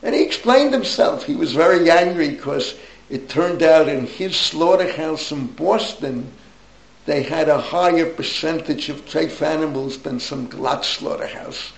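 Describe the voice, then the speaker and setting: A man in his eighties, a rabbi teaching an informal class, telling rambling, animated stories with asides to his listeners. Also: a little high, unhurried, vocal fry, echoey room, rough recording. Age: 80s. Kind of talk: informal Torah class talk.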